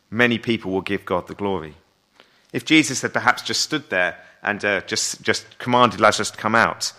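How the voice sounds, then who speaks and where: A man's voice: fairly low pitch, pushed and bright. A man preaching a sermon in a conversational way, often asking his listeners rhetorical questions.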